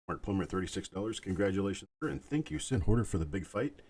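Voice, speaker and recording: A man hosting a live online coin auction, calling bids in a calm, soothing, unhurried way. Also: low-pitched, husky. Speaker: auctioneer host.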